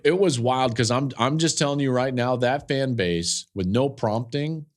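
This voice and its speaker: A man in his forties hosting a sports podcast, telling a game story with animated, emphatic energy and frequent restarts. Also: medium pitch. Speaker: podcast host and football analyst. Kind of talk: casual sports podcast talk.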